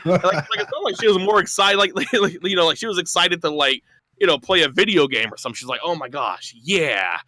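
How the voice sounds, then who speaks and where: A man talks as a guest on a casual call-in show, rambling through a story with plenty of swearing and laughter. His voice sits fairly high and sounds bright. The recording is dry. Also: fast, no echo.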